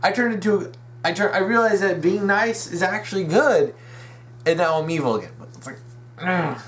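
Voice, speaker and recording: A young man hosts a casual fan commentary video, rambling, restarting sentences and correcting himself with eager, opinionated enthusiasm. His voice sits high, animated and slightly bright, moving a little fast over a faint hiss or hum.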